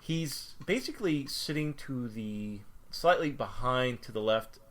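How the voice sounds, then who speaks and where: A man's voice: medium pitch, animated, a little slow, fairly bright tone. A man co-hosting a film podcast, recapping scenes casually with many fillers and self-corrections. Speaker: podcast co-host. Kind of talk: casual chat.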